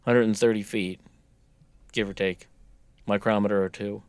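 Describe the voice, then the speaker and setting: A man's voice: lowish voice, steady tone, moderate pace, clear, resonant tone, no room sound. Wry man in casual banter. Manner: joking, reads text aloud with wry asides. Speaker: co-host reading a document aloud. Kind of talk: casual podcast chat.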